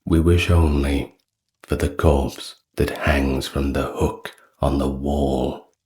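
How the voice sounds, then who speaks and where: A man's voice: rumbling low, steady tone, slow pace, darkish tone. A man voicing a pair of small sexless spirit creatures who answer firmly together. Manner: firm and simple, speaking in unison.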